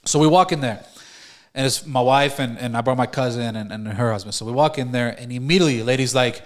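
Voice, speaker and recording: A young man telling a story on a podcast, animated, acting out the voices of the people he quotes and swearing freely. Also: mid-range voice, quick pace. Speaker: podcast host. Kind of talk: casual storytelling chat.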